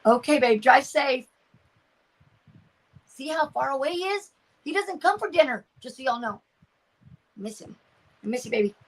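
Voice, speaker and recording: Older woman, fairly high voice, chatty craft livestream host, trails off mid-thought. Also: expressive, normal speed, long pauses, rough recording. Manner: chatty, reads viewer comments aloud, trails off searching for words. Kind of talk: casual chat while crafting on a livestream.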